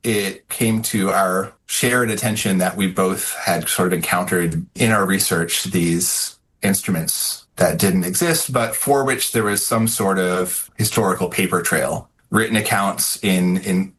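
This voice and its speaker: A man's voice: sits low, measured pace, few pauses, a bit bright, a little hiss or hum. A man speaking as a guest author in an interview, thoughtful, with many fillers and restarts. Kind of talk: casual interview answers.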